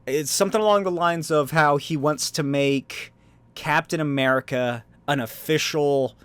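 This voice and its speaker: A man hosting a solo podcast in a casual, rambling way, full of fillers and little chuckles. His voice sits a bit high for a man and sounds close and dry. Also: normal speed, a bit bright, smooth, no echo. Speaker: podcast host.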